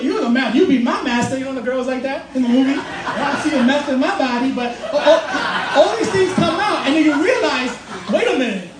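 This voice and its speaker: A man preaching a sermon in a church, loose and joking, laughing through his points. His voice sits high and moves fast. The mic is set back, so the sound is roomy with faint noise behind. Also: recorded from a distance. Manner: casual, joking, laughs often while preaching. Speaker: pastor.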